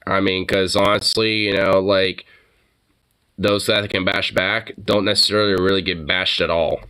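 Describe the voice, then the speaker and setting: A man hosting a casual reaction chat, ranting profanely and jumping into high mocking voices. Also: flat delivery, moderate pace, bright, forceful tone, smooth.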